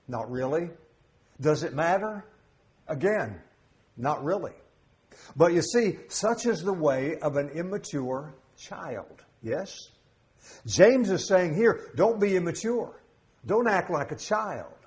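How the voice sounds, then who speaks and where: A middle-aged man preaching a sermon as pastor, conversational and humorous, with jokes and asides. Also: a little high. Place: church sanctuary.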